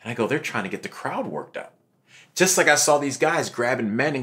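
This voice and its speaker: A young man, an interview guest, telling his story in a casual, animated way and acting out what others said. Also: medium pitch, fairly quick. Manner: animated, acts out quotes of others.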